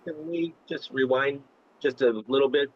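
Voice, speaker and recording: A man's voice: medium pitch, moderate pace, dull audio. A man playing a tabletop game, casually asking the game master to check details. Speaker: player. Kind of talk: casual chat at a gaming table.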